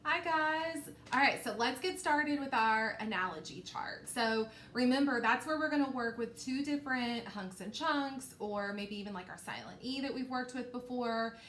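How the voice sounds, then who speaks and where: A woman teaches a recorded phonics lesson to young children, pausing often to check in. She sounds out each word slowly and with exaggerated care in a fairly high voice. The room is echoey, with a faint hiss underneath. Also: a bit bright. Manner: slow, exaggerated sounding-out of words; encouraging, checks in with frequent okays.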